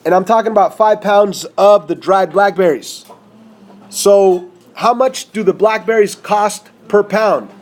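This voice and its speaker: A man's voice: high-pitched, measured pace. A man teaching a math lesson over a whiteboard, talking casually and checking in with his students.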